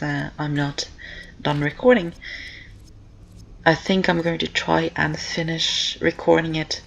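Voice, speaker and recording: Poor audio with a little hiss or hum captures a young student's medium-pitched, creaky, slightly bright voice doing casual gameplay commentary. Game music plays while rain falls on the windows at home, and the student rambles and repeats with plenty of ums, breathless and with a sore throat.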